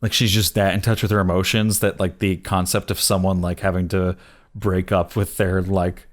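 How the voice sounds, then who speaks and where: A man with a very low, deep voice chats casually through a movie review. He rambles, piling up fillers and restarting his sentences as he goes. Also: level tone, normal speed. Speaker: podcast co-host.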